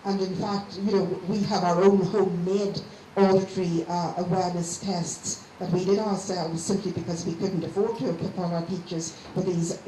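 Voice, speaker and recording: A woman gives a lecture in a mellow, relaxed voice. She explains patiently and slows down to sound out each part of a word. The room is echoey, with a faint hiss behind her. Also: lowish voice.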